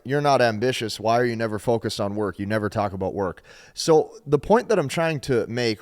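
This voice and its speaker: A man giving dating advice straight to camera, emphatic and repetitive, often checking in with "okay?". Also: medium pitch. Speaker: dating coach. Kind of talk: direct-to-camera advice talk.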